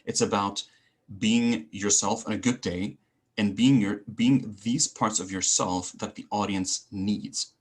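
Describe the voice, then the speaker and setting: Guy with a lowish husky voice, ranting about advice as a podcast guest, jokey and animated. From Switzerland and Greece. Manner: animated, ranting, self-mocking humor. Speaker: guest, public speaking coach. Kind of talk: conversational interview.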